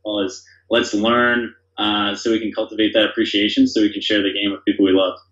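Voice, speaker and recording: A man's voice: lowish voice, little pitch movement, a little fast, a bit bright. A man as a podcast guest, talking casually and enthusiastically, rambling with lots of fillers. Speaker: podcast guest, company founder. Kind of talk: casual conversation. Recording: dull, roomy sound.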